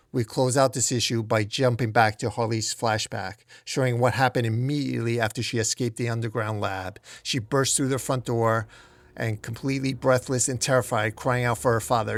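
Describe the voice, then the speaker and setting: A man's voice: medium pitch, fairly even intonation, normal speed, gravelly. A man hosting a comic recap, telling the story in a dramatic way. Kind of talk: comic book recap narration.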